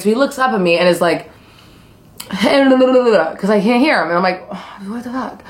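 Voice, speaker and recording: A young adult woman chatting casually on camera while eating, rambling through a story with lots of fillers and swearing. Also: mid-range voice. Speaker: vlogger.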